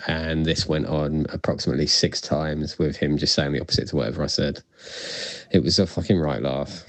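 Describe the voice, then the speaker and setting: A man's voice: very deep voice, steady tone, fairly quick, no room sound. A British man telling a blunt, sweary story in casual chat.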